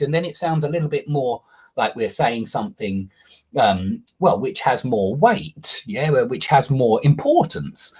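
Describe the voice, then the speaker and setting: An online English teacher works through a student's essay, explaining the reasoning behind each correction and repeatedly asking "yeah?" to confirm understanding. He has a fairly high, slightly rough voice with a little mellowness.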